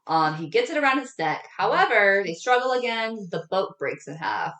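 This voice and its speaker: A woman's voice: mid-range voice, very animated, moderate pace, pushed and bright. A young woman co-hosting a podcast, recapping a film in a laid-back, playful way with fillers. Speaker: podcast co-host. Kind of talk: casual chat. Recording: echoey room.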